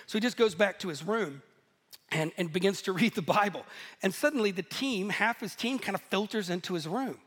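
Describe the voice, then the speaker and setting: A man preaching a sermon, telling stories in a lively, animated way and laughing at himself now and then. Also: high-pitched, a little fast, husky. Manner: storytelling, animated, self-deprecating laughs. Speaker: pastor. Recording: echoey hall.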